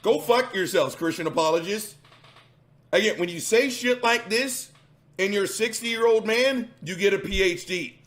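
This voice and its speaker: A man's voice: high-pitched, normal speed, fairly bright tone. A man hosting a reaction commentary, ranting combatively and sarcastically with lots of swearing. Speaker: commentary host.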